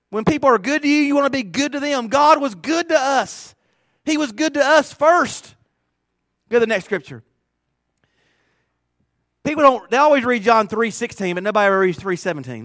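A middle-aged pastor with a high, bright-edged voice delivers a sermon. He drops to low, confiding murmurs, then rises into loud, fervent preaching. The sound is close and dry, with no room echo.

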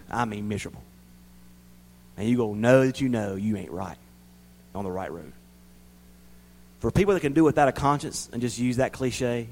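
Heard over poor audio, this man with a mid-range voice delivers a sermon in a folksy manner. He alternates between emphatic loud bursts and hushed asides, and he repeats words to drive his points home.

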